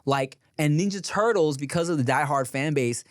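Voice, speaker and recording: A man's voice: fairly high pitch, normal speed, no echo, clean studio sound. A man co-hosting a casual podcast, talking in slang and giving strong opinions. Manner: slangy, opinionated, says dog and bruh. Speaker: podcast co-host.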